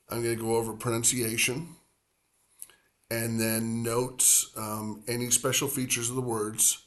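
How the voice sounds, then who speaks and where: Male language teacher, slow and rambling, stretches out each word he drills. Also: on the low side, a bit bright. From grew up near the Atlantic coast. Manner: rambling, filler-heavy explaining, drawn-out repeated Spanish words. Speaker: Spanish teacher. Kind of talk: language lesson.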